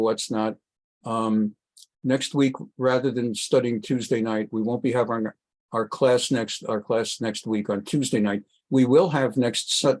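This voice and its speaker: A man rabbi giving a Bible study class, reading Hebrew verses and explaining them with animated, emphatic delivery. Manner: animated, voice leaps up high for emphasis; winds down quieter for announcements. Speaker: rabbi teaching a weekly class.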